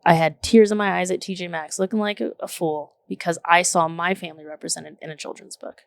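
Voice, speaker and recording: Woman, 30s, podcast co-host; gravelly, lowish voice, chatty and outspoken. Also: brisk, dry recording. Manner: animated, filler-heavy storytelling with frequent "like" and "literally"; outspoken, swears casually. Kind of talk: casual chat.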